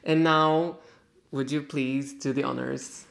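Casual interviewer, mid pitch, lots of "like"s. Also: steady tone, slow pace, vocal fry, fairly bright tone.

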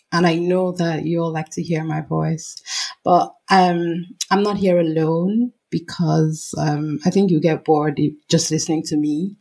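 Husky-voiced woman hosting a podcast. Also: on the low side, darkish tone. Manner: talks in an affected accent for the episode; chatty, rambling with fillers. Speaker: podcast host. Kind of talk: casual podcast chat.

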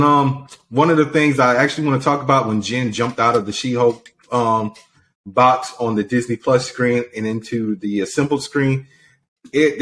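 Male podcast co-host, mid-pitched, casual and rambling, lots of ums. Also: a bit bright. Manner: rambling, many fillers, retells scenes with quoted lines. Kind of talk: casual chat.

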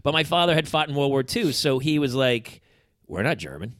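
A man's voice: fairly high pitch, brisk, clear, resonant tone, no echo. A man in his fifties hosting a podcast, chatting casually and acting out quotes. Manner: animated, acts out quotes. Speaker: podcast host. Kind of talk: casual interview.

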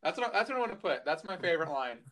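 A young adult in a casual chat with friends, laid-back and laughing, pausing on fillers. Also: medium pitch, big pitch swings, fairly bright tone.

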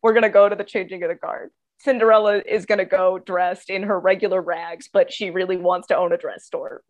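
A woman's voice: lowish voice, fairly even intonation, a little fast, lo-fi sound. A woman co-hosting a podcast, casually recapping a movie plot with a chatty, sarcastic tone. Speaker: podcast co-host.

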